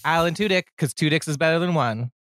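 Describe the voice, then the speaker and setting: A man's voice: a little high, quick pace, fairly bright tone, no room sound. Man, podcast chat, jokey, laughs often, dry remote mic. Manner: jokey, laughing, talks over others. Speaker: podcast guest. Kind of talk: casual chat. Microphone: remote call mic.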